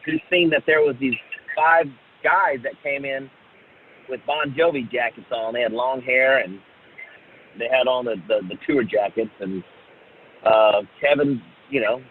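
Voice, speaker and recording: A man from Oklahoma, a singer guest, telling a story in a halting casual way with many fillers and restarts, on a tinny phone-like line. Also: medium pitch, slight background noise. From Oklahoma, USA.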